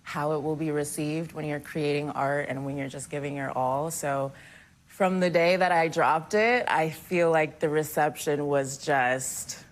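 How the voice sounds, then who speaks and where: Low-voiced young woman musician guest. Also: unhurried. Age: 20s. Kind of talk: live interview.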